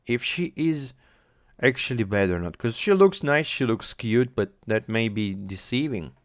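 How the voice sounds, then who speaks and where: Man, anime reaction, rambling, swearing, mid-pitched voice, dry close sound. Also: expressive, unhurried, no room sound. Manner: rambling, swearing, thinks aloud. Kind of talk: casual reaction commentary. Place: home, on a squeaky chair.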